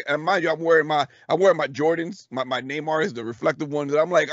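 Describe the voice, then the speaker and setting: A man in his thirties telling a story in casual chat. He is animated, swears freely, laughs often and acts out what people said. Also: on the high side, quick pace, few pauses, no room sound. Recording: dull, dry lo-fi recording.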